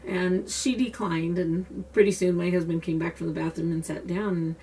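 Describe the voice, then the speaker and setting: A woman's voice: lowish voice, steady tone, normal speed, dark tone, far from the mic, slight background noise. A woman explaining being an empath in an earnest, conversational way, with loose restarts, as she talks to camera. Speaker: self-described empath teaching a technique. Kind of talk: casual explanatory talk to camera.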